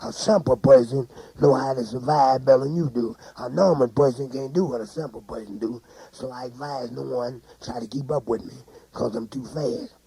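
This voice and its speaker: A man's voice: medium pitch, normal speed, creaky, few pauses, dark tone, slightly rough, poor audio. A man singing and rambling, boasting and laughing at his own jokes on a homemade record. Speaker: amateur singer and joke teller. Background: guitar music.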